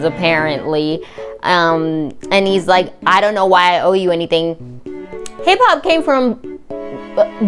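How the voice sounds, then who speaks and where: A woman hosting a reaction vlog, talking in a heated, indignant and sarcastic way. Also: a little high. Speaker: reaction channel host. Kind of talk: angry commentary vlog.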